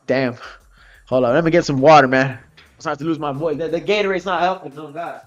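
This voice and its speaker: A man's voice: fairly high pitch, brisk. A man on his art livestream, chatting casually while drawing, rambling loosely and cursing offhandedly. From Florida, United States. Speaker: livestreaming artist. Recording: dull lo-fi livestream audio with faint music.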